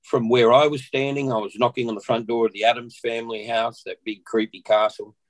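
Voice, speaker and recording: An Australian-accented man, a podcast guest, tells a personal story in conversation, animatedly acting out what people said. His mid-range voice runs a little fast, and the audio is poor.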